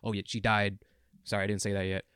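A man's voice: on the low side, flat delivery, fast talker, fairly bright tone, smooth, no echo, studio quality. A young man co-hosting a podcast, talking in an earnest, rambling and emotional way. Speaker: podcast co-host. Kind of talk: casual chat.

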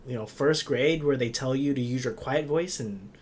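A young man co-hosting a podcast, chatting casually and loudly, telling joking stories. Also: medium pitch, moderate pace, slight background noise. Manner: loud, joking storyteller. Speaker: podcast co-host. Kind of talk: casual chat.

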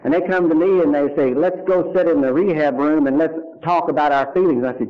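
A middle-aged man with a Kentucky accent, an animated storyteller giving his personal testimony at a recovery meeting who drops to hushed tones for serious moments. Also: mid-range voice, brisk, hardly any pauses. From Louisville, Kentucky. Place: meeting room before a live audience. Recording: lo-fi early 1990s tape recording.

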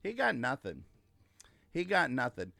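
A man's voice: mid-range voice, wildly swooping pitch, unhurried, gravelly, pushed and bright, dry recording, studio quality. A man hosting a casual livestream, ranting emphatically and gloating, repeating his points. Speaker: livestream host. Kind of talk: casual political livestream rant.

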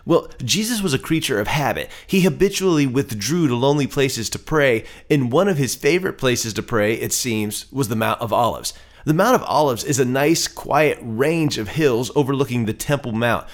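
A man reading scripture and explaining it in a steady, teaching manner. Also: medium pitch. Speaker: Bible teacher.

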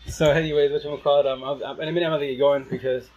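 A man's voice: a little high, flat delivery, racing, darkish tone, lo-fi sound, slight background noise. A man livestreaming casually from home as a father talking to his followers, rambling and restarting sentences, sometimes dropping in Spanish words. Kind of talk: casual live-stream chat. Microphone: phone live stream.

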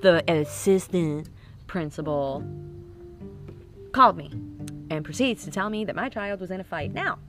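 A woman's voice: on the low side, measured pace, pauses often, fairly bright tone, faint music behind. A woman in her thirties telling comic stories about her kids in a casual, rambling, profane way. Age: 30s. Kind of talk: casual comic storytelling to camera.

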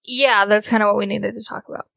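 A woman playing an anxious young woman who hesitantly tries to smooth things over. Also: medium pitch, steady tone, fast talker, fairly bright tone, no echo. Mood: placating.

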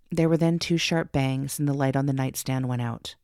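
A woman narrating a first-person ghost story for her podcast, slow and suspenseful. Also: a bass voice, fairly even intonation, vocal fry, a little mellow, no echo, clean studio sound.

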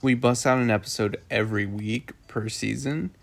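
A man co-hosts a podcast in a laid-back conversation. His voice sits at a middle pitch for a man. He rambles along with fillers and laughs easily. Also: fairly even intonation, normal speed, vocal fry. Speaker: podcast co-host. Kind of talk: casual chat.

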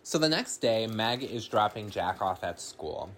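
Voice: medium pitch, animated, a little slow, a little hiss or hum. A podcast host giving a casual film recap, rambling with lots of fillers and swearing freely.

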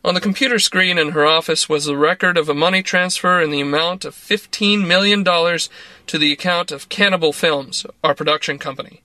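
Bright-voiced male story narrator. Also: on the high side, steady tone, normal speed, no echo.

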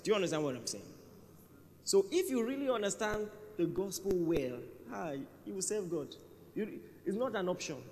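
A man's voice: sits high, slight background noise. A man preaching a sermon in a church hall, conversational and emphatic, often repeating his key phrases. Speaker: pastor. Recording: reverberant church hall, faint ambience.

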